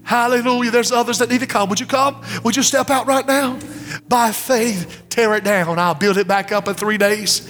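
High-voiced impassioned male preacher, reverberant hall. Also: steady tone, normal speed, fairly bright tone, soft background music. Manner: impassioned, repetitive pleading calls. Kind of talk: revival sermon with altar call. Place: church sanctuary. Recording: long reverb of a church hall.

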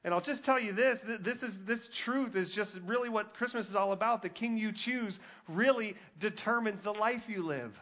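High-voiced man preaching conversationally. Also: normal speed, hardly any pauses, pushed and bright, muffled recording. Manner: conversational preaching with emphatic repetition. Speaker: pastor. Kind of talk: sermon.

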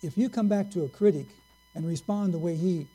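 A man preaching a sermon, telling a story slowly and earnestly and drawing out his key words. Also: high voice, mellow, faint music behind, poor audio.

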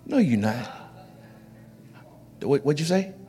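A man's voice: a little high, very animated, slow pace, warm tone, faint music behind. Folksy pastor speaking to his congregation. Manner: folksy, joking with the congregation, often repeating words. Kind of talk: sermon. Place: church sanctuary.

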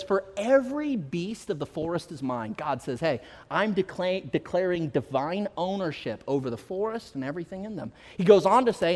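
A male pastor telling a personal story in a sermon, building to slow, emphatic declarations. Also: high-pitched. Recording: long hall reverb.

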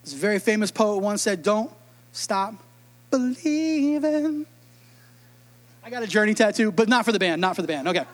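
A man's voice: high-pitched, rapid-fire, few pauses, fairly bright tone. A man preaching a sermon in a humorous, conversational way, acting out quotes. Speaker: pastor.

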